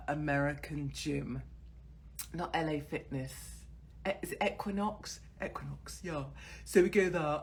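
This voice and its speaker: A woman's voice: deep voice, slight background noise. A woman in her forties hosting her own online show, talking in a crude, sardonic and mocking way and swearing freely. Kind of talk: casual ranting monologue to camera.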